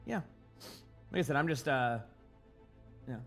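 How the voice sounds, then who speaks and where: A man's voice: mid-range voice, animated, a little slow, gravelly, fairly bright tone, soft background music. A man streaming in the morning with his morning voice, chatting casually with viewers in a rambling way, stumbling and repeating words as he answers chat. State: morning voice, just woke up.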